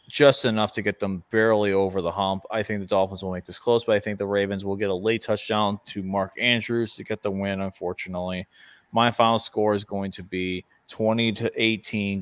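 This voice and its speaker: Low-voiced man giving dry measured picks. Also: no echo. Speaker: podcast co-host. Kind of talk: casual sports picks chat.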